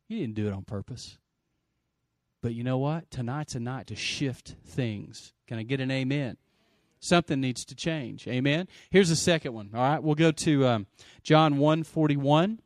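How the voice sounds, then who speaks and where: A middle-aged pastor preaching an energetic sermon, swinging from loud bursts to hushed stretches and calling for amens. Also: male voice, mid-range voice, no room sound, clean studio sound. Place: church sanctuary.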